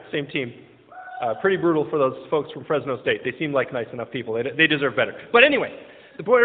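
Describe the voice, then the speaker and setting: A man preaching a casual, joking sermon in a church, with many fillers and restarts. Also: on the high side. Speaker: pastor. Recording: tinny, phone-like sound in a reverberant hall.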